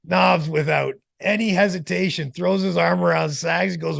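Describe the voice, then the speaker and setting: A man telling a long, animated anecdote as an interview guest, in a slangy, casual way. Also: fairly high pitch, normal speed, gravelly, no echo, clean studio sound.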